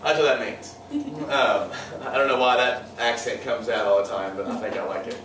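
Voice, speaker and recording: A man's voice: mid-range voice, normal speed, a bit bright, a little hiss or hum. A male history teacher lecturing a class, joking and sarcastic, often quizzing his students. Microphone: far room mic. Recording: echoey classroom from far off.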